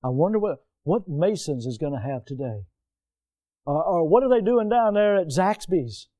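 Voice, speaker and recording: A preacher playing a distracted churchgoer. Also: male voice, a little high, expressive, moderate pace, warm tone, dry recording, natural voice. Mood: musing. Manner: musing, rambling. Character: distracted churchgoer daydreaming about lunch.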